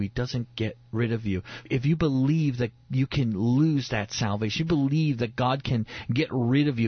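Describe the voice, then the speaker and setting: Earnest preaching pastor, husky dry voice. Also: male voice, mid-range voice, no echo, highs cut off. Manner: earnest and emphatic, repeats key phrases. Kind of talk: preaching in a radio interview.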